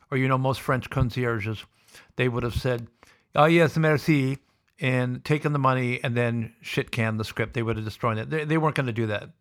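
Male podcast host, mid-range voice, animated storyteller who acts out his characters. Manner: acts out the people he quotes with lively pitch jumps.

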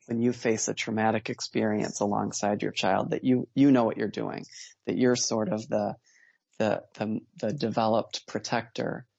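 A man telling his family's story as a podcast guest, earnest and measured, pausing and restarting as he reflects. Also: on the low side, vocal fry, a little mellow, husky, no echo, muffled recording. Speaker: guest, father.

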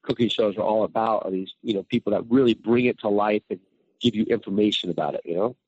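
A man talking casually as a guest chef, telling stories in a lively way and acting out quotes. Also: on the low side, fast, slightly rough, no echo, phone-quality sound. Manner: animated storyteller, acts out quotes. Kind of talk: casual chat.

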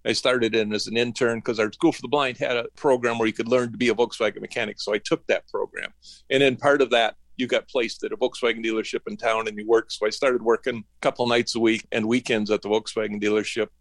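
A middle-aged man from northern Michigan tells his story in a rambling, folksy way, slipping into the voices of the people he quotes. His pitch sits in an ordinary middle range. The sound is dry and close, with no room around it. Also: fairly even intonation, fast, dry recording. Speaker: interview guest, woodworking business owner. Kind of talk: casual storytelling interview.

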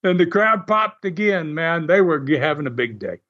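A man telling stories in a casual, animated way, laughing often and acting out what others said. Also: fairly high pitch, moderate pace. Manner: animated, laughs often, acts out quoted voices. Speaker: guest recounting wrestling TV history. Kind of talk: casual storytelling. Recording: muffled lo-fi audio.

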